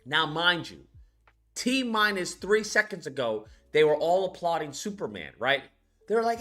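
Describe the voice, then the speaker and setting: A man's voice: fairly high pitch, very animated, normal speed, sharp tone, faint music behind. A man ranting in a casual movie review, rambling and profane, with frequent restarts. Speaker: animation YouTuber.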